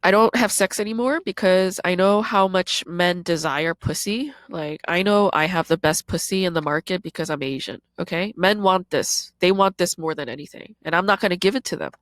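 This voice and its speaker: A woman's voice: fairly low pitch, normal speed, hardly any pauses, no room sound. A woman in her thirties, a podcast host and comedian, giving a raw confessional monologue in a blunt, profane way.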